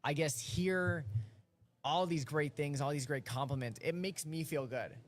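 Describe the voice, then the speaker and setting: A man's voice: on the high side, a little slow. Upbeat, supportive radio host, man. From Rio Grande Valley, Texas. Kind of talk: casual radio chat.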